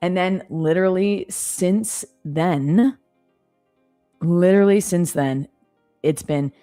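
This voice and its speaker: A woman's voice: lowish voice, slow pace, long pauses, soft background music. A woman in her thirties chatting casually as a co-host, telling stories animatedly and acting out the voices. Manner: animated storyteller, acts out voices. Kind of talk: casual chat.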